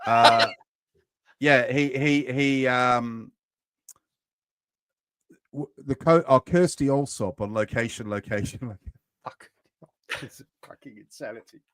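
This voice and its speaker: A man co-hosts a casual chat show with deadpan, sarcastic delivery and an occasional swear word. His voice sounds dry and close, with no room around it. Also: mid-range voice, a little slow, long pauses, smooth, no echo.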